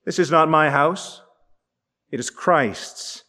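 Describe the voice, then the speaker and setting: A man voicing a gentle, generous old male bishop who speaks calmly and slowly. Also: on the high side, long reverb tail, pitched below the performer's own voice, full character voice.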